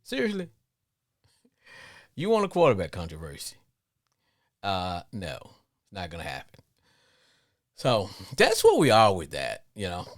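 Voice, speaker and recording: A middle-aged man hosting a live sports call-in show, rambling and repeating himself as he talks, with frequent chuckles. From Arkansas, with Louisiana family. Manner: rambling, repeats words, laughs often, lively swings in pitch. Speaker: podcast host.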